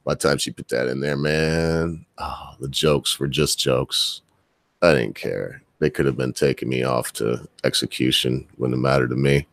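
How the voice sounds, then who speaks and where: A man's voice: a bass voice, steady tone, moderate pace, creaky, no room sound, low-quality recording. A middle-aged man casually telling his viewers a rambling, self-deprecating story, laughing often. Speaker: vlogger.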